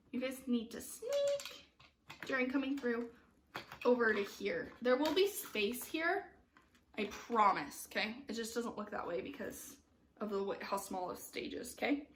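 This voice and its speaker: A woman with a high, bright voice leads an online youth theater class. She talks her students through the blocking in an upbeat, instructive way and keeps checking that they follow. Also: slight background noise. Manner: upbeat, instructive, frequent "okay?" check-ins. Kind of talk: online class giving stage directions.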